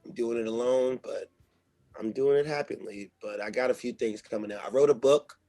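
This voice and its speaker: A man talking as a guest in a casual interview, loose, slangy and animated, with a husky voice. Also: mid-range voice, a little fast, no echo.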